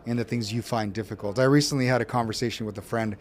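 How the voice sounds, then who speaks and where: Earnest man in his thirties, podcast co-host, storytelling with lively quoted voices; mid-pitched. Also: fast. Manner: earnest, storytelling, animated when quoting others. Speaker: podcast co-host and show producer. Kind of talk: casual faith conversation.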